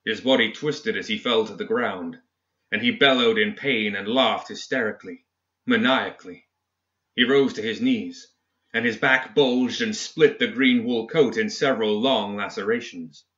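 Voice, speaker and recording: Bright-voiced male story narrator. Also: mid-range voice. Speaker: audiobook reader. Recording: dull lo-fi recording.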